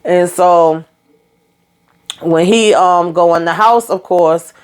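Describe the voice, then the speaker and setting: This is a woman recapping a TV episode in a loose, conversational way. Her voice sits a little low, and she piles on fillers and mild swear words. She keeps slipping into the characters' lines as she retells the scenes. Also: takes it slowly, smooth. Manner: chatty, colloquial, lots of fillers and mild cursing. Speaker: TV recap vlogger.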